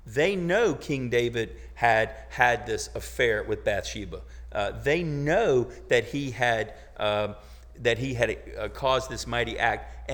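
A man's voice: mid-range voice, a bit bright. A man preaching a sermon to his congregation, talking in a conversational way with joking asides. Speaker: pastor. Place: church sanctuary. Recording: long hall reverb.

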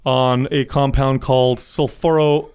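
A man's voice: medium pitch, little pitch movement, a little slow, darkish tone, clear, resonant tone. A man co-hosting a podcast, chatting loosely with frequent profanity and restarts. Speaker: podcast co-host. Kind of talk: casual podcast chat.

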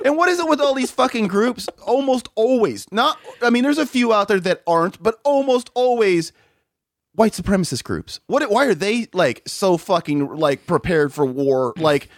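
A man's voice: high voice, expressive, moderate pace, dry recording, clean studio sound. A man hosting a podcast in casual chat, ranting with lots of swearing and laughing between points. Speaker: podcast host.

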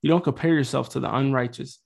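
A man's voice: medium pitch, fast, gravelly, breathy edge. A man in his thirties speaking in an ordinary mid-range voice as he hosts a faith podcast. His talk is earnest and loose, full of restarts and asides. Now and then he lets a mild curse slip. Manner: earnest, rambling, swears lightly. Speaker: Catholic podcast host.

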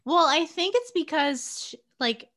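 A woman's voice: high-pitched, measured pace. A young woman co-hosting a casual book chat, laughing often and acting out characters' lines. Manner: giggly, animated, acts out characters' lines. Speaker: podcast co-host.

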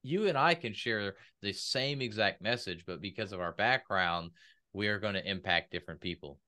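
A man's voice: fairly low pitch, moderate pace, pushed and bright. A man talking casually in a podcast conversation about speaking and business, and he acts out quoted voices.

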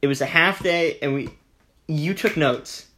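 Young guy hosting his podcast, chill and amused, slightly high voice. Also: a little slow, noisy background. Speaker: podcast host. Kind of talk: casual chat.

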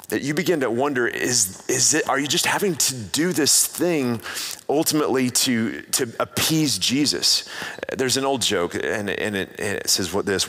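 A man's voice: mid-range voice, fairly bright tone. Male pastor, mid-range voice, conversational sermon with fillers, reverberant hall. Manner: conversational, with frequent fillers and restarts.

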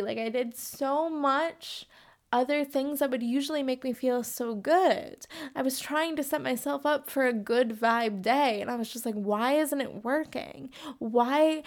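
A young woman hosting a solo podcast, talking candidly and casually, full of "like" fillers and swearing freely. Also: sits high. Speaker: podcast host.

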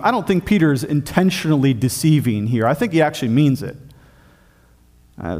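A man preaching a sermon as pastor of a church, emphatic, often dropping low and quiet on key points.

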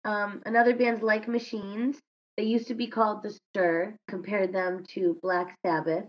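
A woman's voice: mid-range voice, flat delivery, unhurried. A woman co-hosting a podcast in casual chat, rambling and correcting herself as she goes. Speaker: podcast co-host. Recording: slightly dull lo-fi sound.

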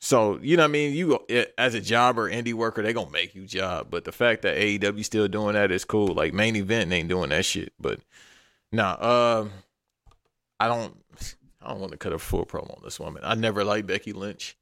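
Blunt, low-voiced man in casual chat. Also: fairly quick, a bit bright, no echo, studio quality. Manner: blunt, profane, opinionated.

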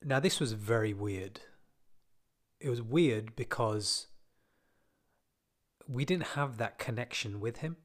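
A man recounts a memory in a relaxed, conversational monologue. His pitch sits in an ordinary middle range, and he drops in wry, self-deprecating asides as he talks. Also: takes it slowly, long pauses. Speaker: podcaster telling a personal story. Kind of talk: casual storytelling monologue.

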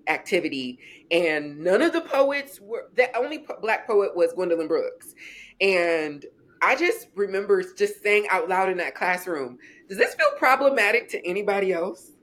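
Woman, 40s, author and interview guest, lively storyteller who acts out quotes. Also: lowish voice. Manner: animated storyteller, acting out quoted voices.

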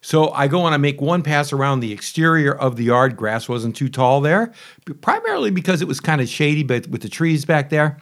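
Brisk, expressive, and a bit bright, this man's fairly high voice carries a rambling to-camera review of a new mower he's testing. He stays chatty and conversational, breaking off for asides and grumbles.

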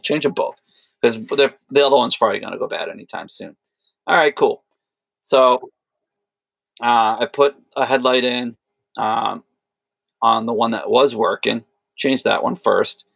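A man's voice: medium pitch, creaky, a bit bright, no room sound. A man casually telling a rambling, profane story in conversation. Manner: rambling anecdotes with profanity and quoted voices. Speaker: podcast co-host.

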